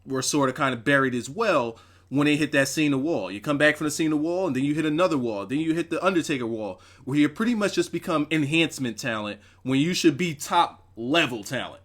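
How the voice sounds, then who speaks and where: A young man talks through a wrestling show on a casual livestream, his voice sitting a bit high and swinging widely up and down. He swears freely and repeats phrases to hammer home his points. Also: a little fast. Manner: animated, profane, emphatic repetitions. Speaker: wrestling show reviewer, host.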